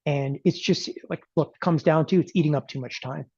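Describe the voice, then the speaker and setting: A middle-aged man giving a casual, emphatic sales talk for a trading event, rambling and often clearing his throat and tossing in "okay?" asides. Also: a little high, brisk, warm tone, no room sound, lo-fi sound. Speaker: trading educator promoting a live event.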